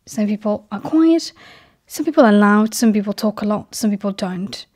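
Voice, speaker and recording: A woman talking to her viewers in a personal monologue. She speaks softly, often slipping into a breathy half-whisper, and lays slow, deliberate stress on key words. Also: mid-range voice, lively intonation. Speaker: vlogger.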